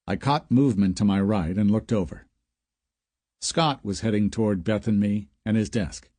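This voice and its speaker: A man narrating a crime audiobook in first person, steady and measured. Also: on the low side, dry recording.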